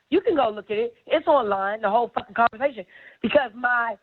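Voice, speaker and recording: A woman's voice: a little high, fairly quick. A middle-aged woman telling a story as an interview guest, blunt, profane and emphatic. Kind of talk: candid storytelling. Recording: tinny phone-like sound.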